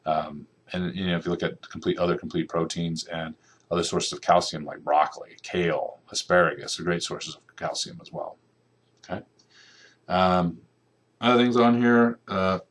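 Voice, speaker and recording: A middle-aged man with a very low voice lectures a class in a relaxed, conversational way. He keeps checking in with the room, tossing in "okay" and "right" as he goes. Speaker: nutrition lecturer.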